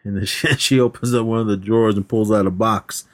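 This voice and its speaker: A man's voice: lowish voice, fairly even intonation, a little fast. An American man co-hosting a podcast, casually recapping movie scenes. He laughs often, swears freely and restarts sentences as he tries to remember what happened. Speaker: podcast co-host.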